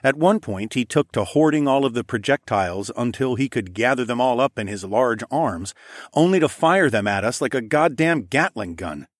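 A man narrating a first-person fantasy audiobook, lively and casual, giving the characters their own voices. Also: mid-range voice, normal speed, no echo, clean studio sound.

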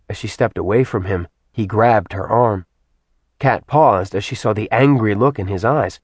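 Low-voiced man narrating an audiobook. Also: normal speed, no echo. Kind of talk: scripted narration.

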